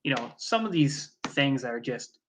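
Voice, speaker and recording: A man's voice: mid-range voice, very animated, unhurried, a little hiss or hum. A man co-hosting a fantasy football podcast, joking and blunt in casual chat, swearing freely. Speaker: podcast co-host.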